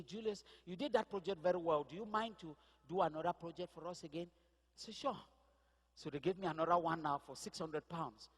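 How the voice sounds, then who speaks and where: A man telling a personal testimony as a sermon, vivid storytelling that builds to impassioned cries. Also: fairly high pitch. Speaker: pastor. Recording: echoey hall reverb.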